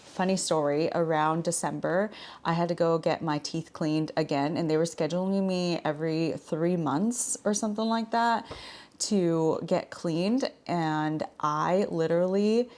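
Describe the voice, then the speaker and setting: Woman vlogger, thirties, casual chat, frank and rambling, slightly low pitch. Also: a little slow, a little mellow. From Washington state. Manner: chatty, frank, full of "like" fillers.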